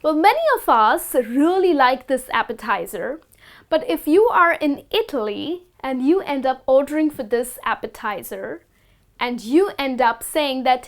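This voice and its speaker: Lady with a high voice going slow, teaching how to say food words, repeats each one carefully. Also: expressive. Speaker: pronunciation teacher. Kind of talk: scripted lesson to camera.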